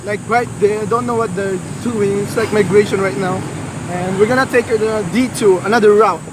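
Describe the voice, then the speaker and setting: Man, eager vlog chatter, high voice, noisy outdoor take. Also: fairly quick. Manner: excited, pointing things out. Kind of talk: casual vlog banter.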